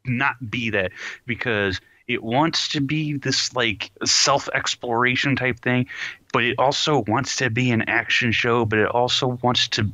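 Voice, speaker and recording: A man co-hosting a podcast in casual chat, ranting in an animated, exasperated way with sighs. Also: medium pitch, measured pace, dry recording. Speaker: podcast co-host.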